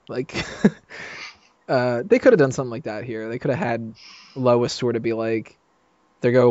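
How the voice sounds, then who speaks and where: A man's voice: medium pitch, normal speed, darkish tone, dry recording. A man chatting casually on a roundtable podcast, rambling with lots of fillers and laughing often. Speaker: podcast panelist. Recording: dull lo-fi mic, dry.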